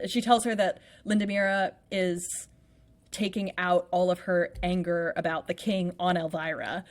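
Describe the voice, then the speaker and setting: Her voice is fairly low with little pitch movement, and she speaks a little slowly. She's a podcast co-host recapping a play in playful, chatty conversation full of "like."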